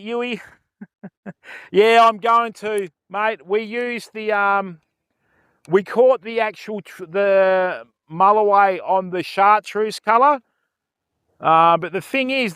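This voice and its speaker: Older Aussie bloke, fishing streamer: chatty, high-pitched, clean voice, greets viewers outdoors by a river. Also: male voice, fairly bright tone, smooth, no echo, studio quality. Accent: Australian. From Australia. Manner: chatty, greets viewers, fills talk with "mate" and "you know". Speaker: fishing livestreamer. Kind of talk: casual livestream chat.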